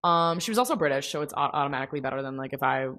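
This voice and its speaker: A woman's voice: sits low, expressive, rapid-fire, a bit bright. A young woman hosting a casual solo podcast, chatting in a rambling way with many fillers. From United States. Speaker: podcast host.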